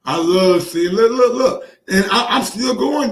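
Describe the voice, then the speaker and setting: A man hosting boxing commentary, reacting in casual, profane, excitable talk and repeating phrases for emphasis. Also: high-pitched, measured pace, reverberant, distant mic. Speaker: boxing commentary channel host.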